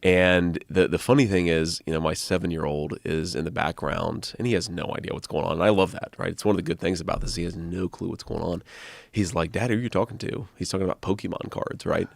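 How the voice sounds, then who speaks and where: A man's voice: sits low, steady tone, brisk, creaky, dry recording. A man telling funny family stories as a podcast guest, laughing often. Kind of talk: casual storytelling.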